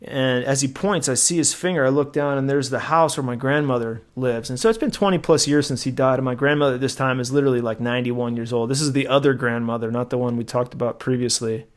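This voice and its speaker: A middle-aged man co-hosting a podcast, telling a personal story in a rambling, animated way, acting out quotes, with frequent restarts. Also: mid-range voice, fast talker, hardly any pauses. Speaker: podcast co-host. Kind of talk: casual conversational storytelling.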